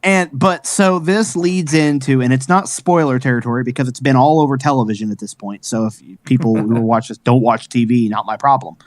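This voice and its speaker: A man co-hosting a casual film podcast, retelling scenes in an excitable, rambling way. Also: mid-range voice, fairly quick, hardly any pauses, no room sound. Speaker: podcast co-host. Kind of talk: casual chat.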